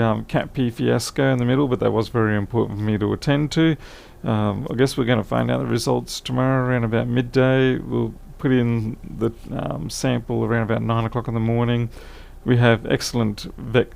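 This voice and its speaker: A man's voice: mid-range voice, a little mellow. A tired man chatting casually on a live stream, thinking aloud as he repairs a laptop, his voice fading. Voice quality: gravelly.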